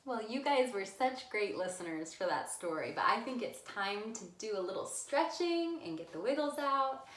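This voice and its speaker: A woman librarian reading a story and leading songs for children, slow, animated and sing-song. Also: medium pitch, roomy sound.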